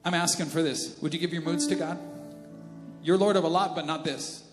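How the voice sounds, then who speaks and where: Animated male pastor preaching in a hall. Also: on the high side, a little fast. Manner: conversational and animated, slips into character voices. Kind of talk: sermon. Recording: reverberant church hall with faint music.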